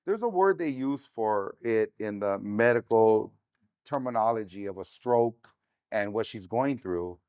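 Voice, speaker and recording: A man's voice: on the low side, animated, unhurried, a little mellow, clean tone, dry recording. A middle-aged man, a podcast guest, telling a personal story frankly and without a filter, with many "um"s and "you know"s. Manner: unfiltered and frank, with many fillers.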